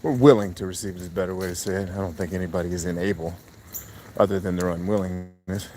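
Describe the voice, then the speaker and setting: A man's voice: low-pitched, fairly even intonation, fast, a little mellow. Guy rambling on a live stream, blunt and jokey, cussing, faint hiss in the background. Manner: blunt, joking, swears freely, laughs often. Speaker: podcast host doing a live stream. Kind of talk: casual live-stream chat with viewers.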